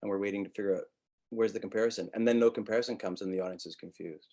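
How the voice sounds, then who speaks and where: A middle-aged man from Montreal teaches acting in a relaxed webinar lecture. His speech rises and falls in a very melodic way, and he breaks into little vocal demonstrations to make his points. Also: fairly low pitch, very fast.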